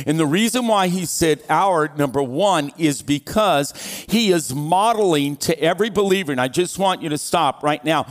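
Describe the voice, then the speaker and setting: A man's voice: a little high, a little slow. A male pastor, preaching a sermon, leading his congregation in reading aloud together and slipping in playful jokes. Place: large church hall. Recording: long church hall reverb.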